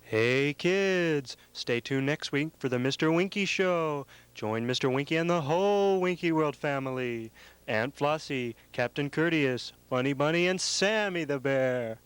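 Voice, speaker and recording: An actor playing a cheery kids' TV announcer reading a promo. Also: male voice, fairly high pitch, expressive, unhurried, smooth, no room sound.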